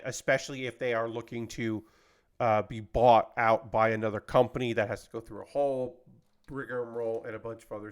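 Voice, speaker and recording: A man's voice: mid-range voice, smooth. A man hosting a live stream, chatting casually while building a model kit, rambling with lots of fillers. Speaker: livestream host.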